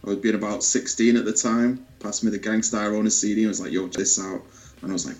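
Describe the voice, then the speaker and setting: A man guesting on a podcast, speaking in halting casual bursts full of restarts. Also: on the low side, steady tone, darkish tone, soft background music, poor audio. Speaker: podcast guest, beat maker. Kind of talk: casual chat.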